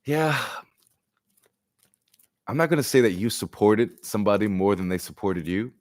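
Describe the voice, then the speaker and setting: A man giving a live-streamed collective tarot reading. He talks casually, jokes in slang and swears, and often swings his voice high and loud to act out little exchanges. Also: moderate pace. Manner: animated and profane, acts out exchanges with big jumps in pitch and loudness; slangy and joking. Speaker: tarot reader.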